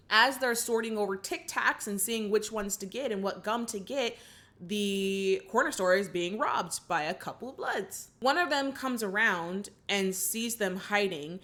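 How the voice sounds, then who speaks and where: In a casual film recap, a young woman on her movie reaction channel retells the story and gives viewers her chatty take on it. She speaks at a normal speed in an expressive, medium-pitched voice that's a bit bright.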